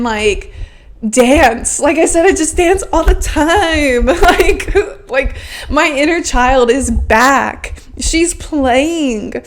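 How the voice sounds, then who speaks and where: A woman in her early twenties giving a fervent, emotional self-help monologue as a podcast host, often saying "like" and swearing freely. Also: high voice. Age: 20s.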